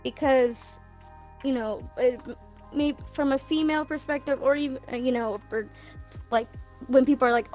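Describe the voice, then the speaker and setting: High-voiced young woman talking candidly. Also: moderate pace, a little mellow, faint music behind. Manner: candid, laughs often, emotional. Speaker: guest, best friend of host. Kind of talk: casual livestream chat.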